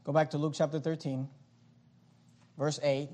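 A pastor preaching a sermon in a church auditorium, emphatic and repetitive, rising loud and dropping quiet. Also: male voice, a little high, little pitch movement, moderate pace, long pauses.

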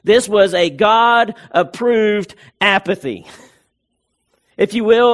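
High-voiced emphatic male preacher. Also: measured pace, long pauses. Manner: emphatic, repeats key phrases, frequent restarts. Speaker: pastor. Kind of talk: sermon.

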